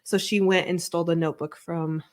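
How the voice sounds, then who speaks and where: Woman, therapist, podcast host, animated, explanatory casual chat. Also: lowish voice. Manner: animated, explains with examples, quick laughs.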